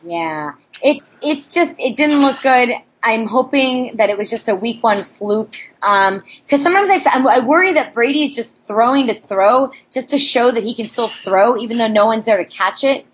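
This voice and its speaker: A woman's voice: a little high, animated, a little hiss or hum. A woman co-hosting a podcast, chatting casually and candidly, swearing freely. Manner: candid, swears, quick to laugh. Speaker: podcast co-host.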